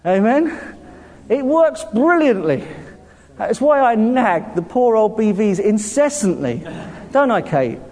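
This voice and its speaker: A man with a southern English accent delivers a sermon. His voice sits high and swings widely as he laughs and calls out to the congregation. A long church-hall reverb trails behind every phrase. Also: slow. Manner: lively, laughing often, calling out to the congregation. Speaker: pastor.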